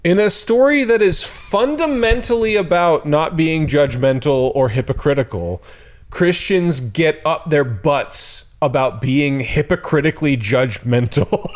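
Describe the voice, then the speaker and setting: A man's voice: on the high side, expressive, unhurried. A man preaching as a pastor in a casual, conversational sermon. He reads scripture, adds frank, sarcastic asides and laughs often. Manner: frank and irreverent.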